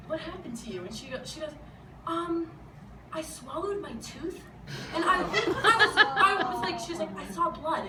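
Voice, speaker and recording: A young woman from New telling a funny personal story live, animated and laughing as she acts out what people said. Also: fairly high pitch. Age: teens. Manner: animated, laughing, acting out quotes. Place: small venue. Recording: roomy, distant mic with background noise.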